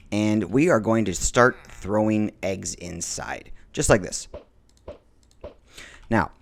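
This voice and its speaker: A man's voice: mid-range voice, slight background noise. A man casually talking through a video game build for his viewers, rambling with many fillers and restarts. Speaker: Minecraft let's-play host. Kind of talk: casual gameplay commentary.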